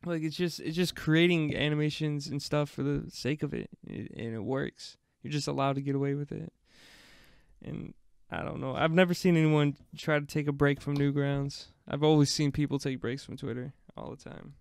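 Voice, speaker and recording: Animated young man, clear dry voice. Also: fairly high pitch, normal speed, dry recording. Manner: animated, swears and laughs a lot. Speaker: podcast co-host. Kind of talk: casual chat.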